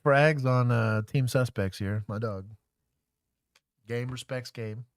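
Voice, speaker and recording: A man's voice: mid-range voice, slow pace, no room sound, clean studio sound. A man from Texas co-hosting a livestream, reacting to police bodycam footage with joking, wry commentary. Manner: joking, wry, laid-back banter.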